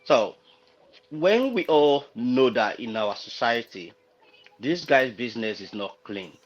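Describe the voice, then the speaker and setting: A man's voice: mid-range voice, very animated, slow pace, highs cut off. A man from Nigeria on a livestream panel, talking unhurriedly, searching for words and citing proverbs. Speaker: panel guest. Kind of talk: casual discussion on a livestream.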